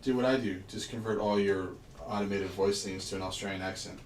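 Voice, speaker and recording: A man's voice: fairly low pitch, fairly even intonation, fairly quick, slight background noise. Chatty man, echoey room. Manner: chatty, rambling storyteller. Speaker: puzzle livestream co-host. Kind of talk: casual chat. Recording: echoey room, mic far off.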